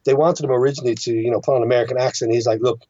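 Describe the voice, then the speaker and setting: A man's voice: mid-range voice, steady tone, very fast, warm tone, muffled recording, slight background noise. A young Irish man, a filmmaker, chatting casually as a podcast guest and rambling with frequent restarts. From Ireland. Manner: rambling, many restarts and stammers.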